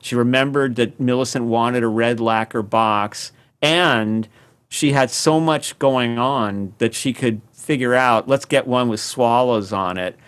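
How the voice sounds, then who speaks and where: A man's voice: mid-range voice, measured pace, smooth. A man, a podcast guest telling a long story and acting out the quoted voices. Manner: animated, acts out quoted voices. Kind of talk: storytelling in conversation.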